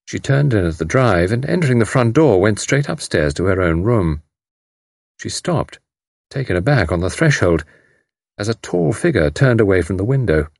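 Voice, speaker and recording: A man reads a story aloud in a measured, expressive way. His low voice is slightly husky and moves animatedly in pitch, recorded close and dry. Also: no room sound. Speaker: narrator. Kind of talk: scripted audiobook narration.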